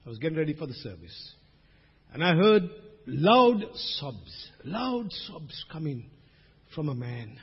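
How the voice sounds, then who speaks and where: A man preaching a sermon as pastor, swinging between loud emphasis and hushed asides. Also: fairly high pitch, breathy edge. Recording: dull recording with long hall reverb.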